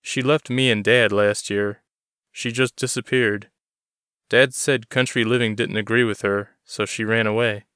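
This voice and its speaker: Guarded teen runaway boy, soft and short-spoken, read by a man; close, dry sound. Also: fairly low pitch, steady tone, measured pace, smooth, dry recording. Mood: wistful. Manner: short, quiet answers. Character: fourteen-year-old runaway boy, quiet and guarded.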